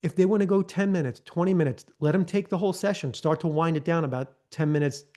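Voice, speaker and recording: Mellow-voiced man teaching a live training. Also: a little high, fast talker. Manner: conversational, often tags lines with "right?"; acts out gentle counselor prompts in a softer voice. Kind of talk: live online training talk.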